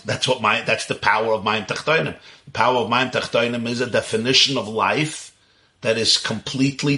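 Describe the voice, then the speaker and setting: Bright-voiced man teaching Kabbalah. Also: medium pitch. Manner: animated, intense, with rhetorical questions and chuckles. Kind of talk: religious lecture.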